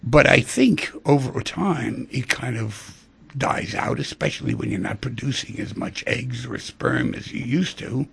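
A male radio host talking in a loose, musing way, his voice sometimes dropping low to almost a whisper. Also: vocal fry, breathy edge. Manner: musing, rhythmic, drops to near-whispers. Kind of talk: casual talk radio chat.

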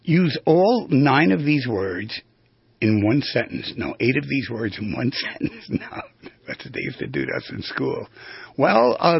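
A man hosting a radio talk show, teaching in an animated, rambling way and demonstrating tones of voice. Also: medium pitch, a little slow, gravelly, husky, no echo, dull audio.

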